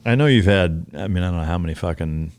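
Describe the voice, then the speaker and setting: A man's voice: deep voice, fast talker, a little mellow. A man hosting a podcast, asking questions in an easygoing way, swearing casually. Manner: easygoing, profane, short affirmations. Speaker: podcast host. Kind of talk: casual interview chat.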